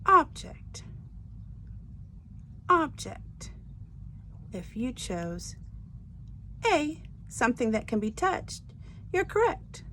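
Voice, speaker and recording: A woman teacher explaining word stress in a slow, deliberate way, stressing each syllable. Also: on the high side, sing-song, a little hiss or hum. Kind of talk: recorded lesson on homographs.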